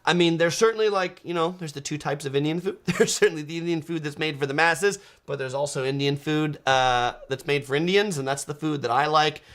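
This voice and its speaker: A man's voice: a little high, brisk, few pauses, a bit bright. Chatty man hosting a food livestream. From California. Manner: chatty and enthusiastic, frequent ums and uhs. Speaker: food video host. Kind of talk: casual livestream chat reading viewer comments.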